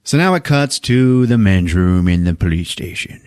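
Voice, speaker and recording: A man's voice: sits low, animated, normal speed, darkish tone, clear, resonant tone, no echo, clean studio sound. A man co-hosting a podcast, retelling a movie scene by scene in casual chat, swearing freely and acting out the characters' lines. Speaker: podcast co-host recapping a movie.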